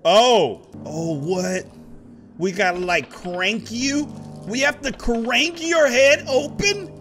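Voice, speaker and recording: A man playing a video game, commenting to viewers in a chatty, excitable way and talking back to the game. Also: extremely high pitch, takes it slowly. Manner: excitable, talks to the game, rises to loud outbursts. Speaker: gaming YouTuber. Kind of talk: let's play commentary. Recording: music from the game behind the voice.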